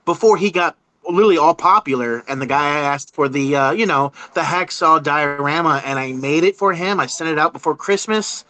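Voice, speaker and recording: A man talking as a podcast guest in a relaxed chat, rambling with frequent restarts and fillers. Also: fairly high pitch, no room sound, rough recording. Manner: halting, rambling, many restarts and "you know". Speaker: podcast guest, horror artist. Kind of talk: casual interview chat.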